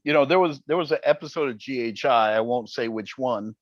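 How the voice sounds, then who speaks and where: A man's voice: mid-range voice, a little fast, dry recording. Wry man on a slightly dull line. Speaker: interview guest, TV paranormal investigator. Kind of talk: casual interview chat.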